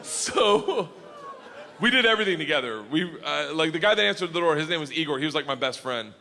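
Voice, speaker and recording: Middle-aged guy doing stand-up, rowdy and profane, bright punchy voice, laughs through it. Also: a little high, lively intonation, fairly quick, gravelly, a little hiss or hum. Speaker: stand-up comedian. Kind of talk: stand-up storytelling.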